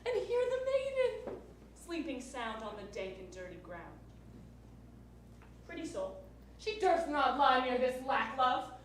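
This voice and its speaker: A teenage girl playing a mischievous servant fairy on stage, with lively swooping delivery. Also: a little hiss or hum. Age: teens. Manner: lively, swooping pitch, hushed to shouted. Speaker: stage actor. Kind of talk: stage Shakespeare acting. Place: school theater stage. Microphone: distant room mic. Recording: echoey stage from far off.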